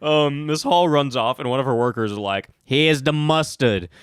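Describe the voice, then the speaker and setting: A man's voice: medium pitch, fairly quick, clean tone, no room sound, studio quality. A man hosting a casual podcast chat, laughing often. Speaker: podcast host.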